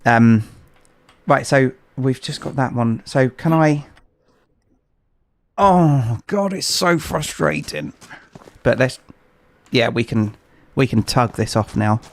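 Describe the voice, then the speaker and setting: Animated but unhurried, a medium-pitched man chats casually with his viewers while streaming a game from home. He rambles and hesitates with lots of fillers, and his streaming mic captures no echo.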